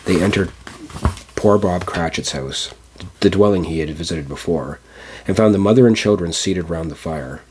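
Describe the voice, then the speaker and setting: A man narrating a classic storybook aloud, measured, with small stumbles. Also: deep voice, darkish tone, husky. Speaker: audiobook narrator. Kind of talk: storybook reading.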